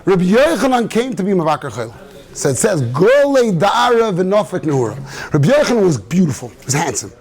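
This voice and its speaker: A man's voice: high-pitched, sing-song, fairly quick, a little mellow, breathy edge. A man, a rabbi giving an informal Torah talk in a synagogue study hall, telling stories and mixing in Yiddish and Hebrew terms.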